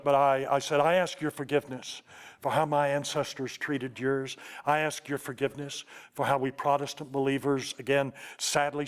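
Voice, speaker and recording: A man preaching, telling a heartfelt story from the pulpit. His voice sits at an everyday middle pitch, and he slows and sinks almost to a whisper at the most tender points before lifting again. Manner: emotional testimony, slows to a hush at tender moments. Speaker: Baptist preacher. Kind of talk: storytelling sermon.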